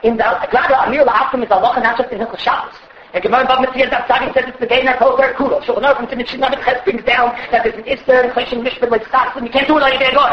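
A man teaching a class on Jewish law in an animated lecturing manner, often repeating his points. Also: extremely high pitch, rapid-fire, slight background noise. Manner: animated, mixes Yiddish and Hebrew terms, repeats points. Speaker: rabbi teaching halacha. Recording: echoey room, dull lo-fi sound.

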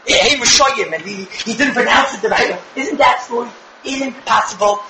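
A man giving a Torah talk, telling a story in an animated, digressive way and acting out the quotes. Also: very high-pitched, a little fast, gravelly, reverberant, heavy background noise. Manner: animated, digressive, often restarts and acts out quotes. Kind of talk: Yiddish-flavored Torah lecture, storytelling. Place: synagogue or study hall.

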